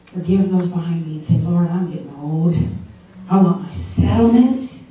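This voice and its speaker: Woman preacher, mellow voice, emphatic sermon, heavy room echo, far from the mic. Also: fairly low pitch, moderate pace. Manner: emphatic, asks the audience questions. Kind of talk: sermon to a women's gathering. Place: large echoey meeting room. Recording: very echoey room, distant mic.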